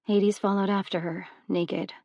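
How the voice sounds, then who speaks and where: A woman narrating an audiobook in a steady, even storytelling manner. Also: medium pitch, a little slow, gravelly, no echo, muffled recording. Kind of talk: scripted narration.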